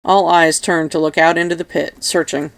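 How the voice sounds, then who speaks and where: A woman reading an audiobook in a steady, even narration. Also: low-pitched, moderate pace. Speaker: audiobook reader.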